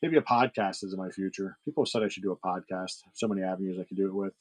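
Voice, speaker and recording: Rambling, hesitant man, low voice. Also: racing, rough recording. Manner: rambling, hesitant, many fillers and restarts. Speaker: livestream seller host. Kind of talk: casual chat with viewers.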